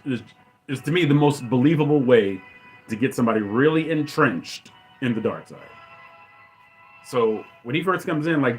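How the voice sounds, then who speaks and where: A man's voice: mid-range voice, fairly bright tone. Rambling man recapping a film scene. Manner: rambling and enthusiastic, acts out dialogue in quick voices. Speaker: podcast host. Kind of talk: casual movie commentary.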